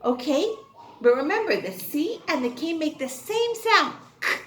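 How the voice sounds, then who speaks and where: Sing-song, high-voiced woman teaching kindergarten. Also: sing-song, fairly bright tone, roomy sound. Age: adult. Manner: sing-song, asks questions and answers them herself; slow, clear and encouraging. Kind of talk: online class lesson.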